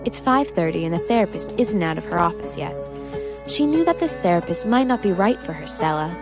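A woman narrates a prose story at a measured, deliberate pace, her voice sitting fairly low. Loud instrumental music runs under the reading. Her delivery stays even and storyteller-like throughout.

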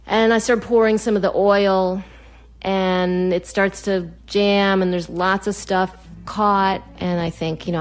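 Lively, lower-voiced woman telling a story. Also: unhurried, soft background music. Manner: animated, acts out her own quoted lines. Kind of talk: personal story told to an audience.

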